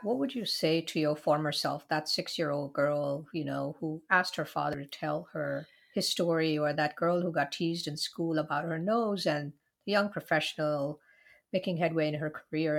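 A woman interviewer with a notably low voice. She puts reflective questions to her guest in a measured, thoughtful way. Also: gravelly.

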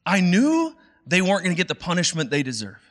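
A man voicing a whiny, dramatic, indignant male prophet who complains loudly and in exasperation. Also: high voice, huge pitch swings, fast talker, pitched above the performer's own voice, exaggerated voice. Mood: indignant whining.

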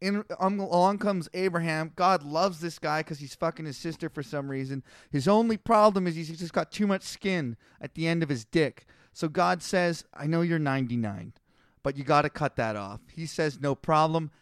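A man tears through a story as a podcast co-host, crude and quick, tossing in silly voices along the way. His voice sits high and comes through smooth and clear. The sound is dry and close. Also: dry recording. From Canada. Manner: crude, rapid-fire storytelling with mock character voices. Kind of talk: casual comedic retelling.

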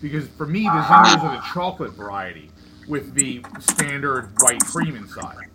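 A man on a podcast telling a story in an animated, laughing way. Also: medium pitch, normal speed. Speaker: podcast co-host. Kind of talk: casual chat, storytelling. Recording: noisy podcast recording.

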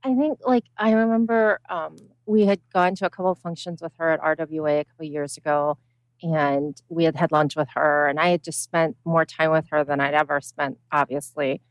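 A woman co-hosting a podcast in casual chat, measured and reflective with halting phrasing. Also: low voice, fairly even intonation, dry recording, rough recording. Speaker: podcast co-host.

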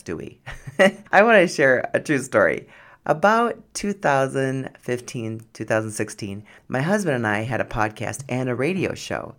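A woman hosting a podcast, telling a story in a chatty, frank way and laughing often. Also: very deep voice. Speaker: podcast host. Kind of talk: casual storytelling monologue.

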